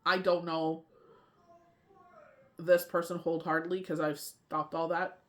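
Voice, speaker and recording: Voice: mid-range voice, level tone, a little slow. A tarot reader and medium in a casual spiritual talk, rambling and often asking "you know what I mean".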